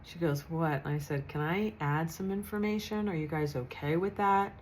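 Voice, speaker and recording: A woman's voice: low-pitched, moderate pace, a little mellow, a little hiss or hum, poor audio. A woman in her fifties, a psychic medium telling a story in a chatty, earnest way with frequent restarts. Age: 50s. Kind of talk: casual storytelling monologue.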